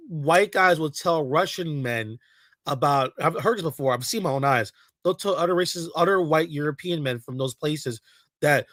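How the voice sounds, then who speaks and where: A man rants on his livestream in a fairly high voice, heated and profane, stopping to answer his chat. The sound is dry and close, with no room around him. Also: moderate pace, a bit bright, dry recording. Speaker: livestream host. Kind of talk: casual ranting livestream.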